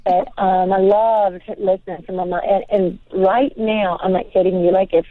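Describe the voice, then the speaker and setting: A woman's voice: mid-range voice, fairly even intonation, normal speed, no room sound. An older woman, a guest in an interview, chatting in a rambling way full of "you know". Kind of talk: casual interview chat. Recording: tinny phone-like line, dry.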